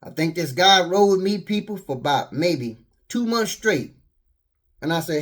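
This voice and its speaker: An older man preaching and telling stories, animated, acting out quotes and often repeating words. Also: high-pitched, moderate pace. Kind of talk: street sermon, storytelling.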